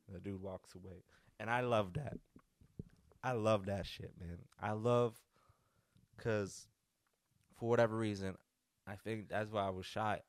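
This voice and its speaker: Low-voiced man swearing through stories. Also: fairly even intonation, measured pace, long pauses, no echo. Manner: crude, profanity-laden storytelling. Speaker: podcast host. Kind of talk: casual solo podcast monologue.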